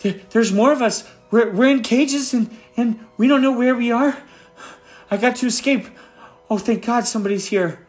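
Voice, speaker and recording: A man's voice: very high voice, moderate pace, darkish tone, voice pushed up. A man voicing a frantic young male gnome who pleads for help in a breathless, repetitive rush. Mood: desperate. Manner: breathless, pleading, repeats himself.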